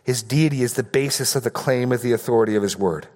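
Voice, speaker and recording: Male pastor, mid-pitched, earnest sermon delivery with emphatic repetition. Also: quick pace, a little mellow. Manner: earnest, repeats words for emphasis. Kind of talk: expository sermon.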